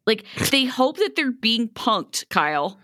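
A woman co-hosting a podcast in casual chat, animated, laughing often and acting out quotes in voices. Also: on the high side, unhurried, no room sound, clean studio sound. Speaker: podcast co-host. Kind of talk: casual chat recapping a reality show.

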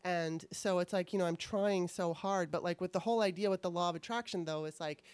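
A woman with a fairly low voice chats candidly as a podcast host, rambling through her thoughts and swearing now and then. Her voice sits close to the mic in a dry, dead-sounding space. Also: a little fast, a little mellow, smooth, no room sound. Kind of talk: casual conversation.

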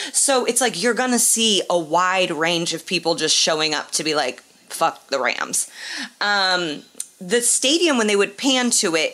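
A woman co-hosting a casual sports podcast, animated, with laughing, mock-outraged asides. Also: medium pitch. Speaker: podcast co-host.

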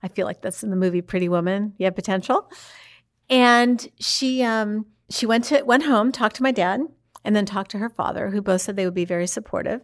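A woman tells a family story with lots of energy. She keeps jumping into the voices of the people she quotes, and her pitch stays in a comfortable middle range. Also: a little fast. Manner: animated, acts out the quoted people. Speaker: guest telling her mother's story. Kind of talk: lively storytelling in an interview.

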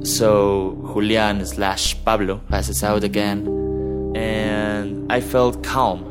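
Slow-spoken man. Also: on the low side, flat delivery, loud music behind the voice. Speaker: storyteller. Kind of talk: personal storytelling.

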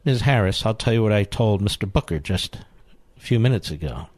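A man's voice: fairly low pitch, expressive, brisk, dry recording. A male radio talk show host delivering a sarcastic, combative monologue, reading news aloud and interrupting it with muttered asides. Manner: combative, sarcastic, swings between loud emphasis and muttered asides. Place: radio studio. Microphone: studio microphone.

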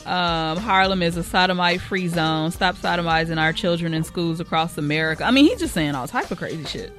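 Sarcastic lady reading out a news story on a podcast, bright tense voice, cusses a lot. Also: fairly low pitch, a little fast, faint music behind. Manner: laughing, sarcastic, profane. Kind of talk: casual news recap and banter.

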